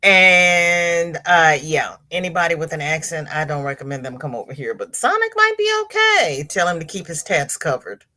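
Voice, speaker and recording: A woman hosting a casual livestream, greeting chat viewers by name in sing-song hellos and jumping to high exclamations. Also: normal speed, hardly any pauses. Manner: chatty and animated, with sudden high exclamations. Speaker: livestream host.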